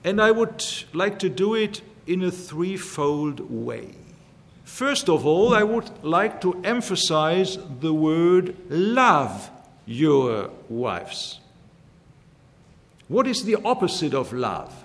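Slow, emphatic male preacher in a hall. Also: high-pitched, big pitch swings. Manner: measured, emphatic, repeats key phrases slowly. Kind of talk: sermon. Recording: long hall reverb.

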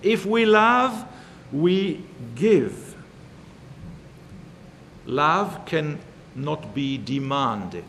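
Slow, emphatic male preacher in a hall. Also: fairly high pitch, vocal fry, a bit bright, slight background noise. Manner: measured, emphatic, repeats key phrases slowly. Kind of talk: sermon. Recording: long hall reverb.

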